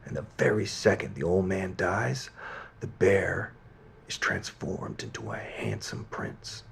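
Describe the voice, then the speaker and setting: A man in a game role reading a fairy tale aloud as a gentle bedtime story. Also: deep voice, big pitch swings, measured pace, creaky, a little hiss or hum, exaggerated voice. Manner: gentle storytelling, softening at the end.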